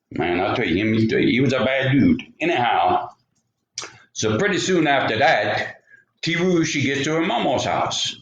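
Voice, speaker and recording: Brief: Cajun man spinning a folk tale, lively, rambling asides, roomy recording. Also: medium pitch, moderate pace. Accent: Louisiana Cajun. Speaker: storyteller. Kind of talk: folksy oral storytelling. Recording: roomy, slightly dull home recording.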